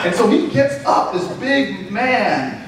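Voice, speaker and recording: A man in his forties giving a humorous storytelling speech from a podium at a political event, building to loud climaxes. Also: high voice, heavy background noise. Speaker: political speaker. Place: large event hall. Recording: echoey hall taped from far off.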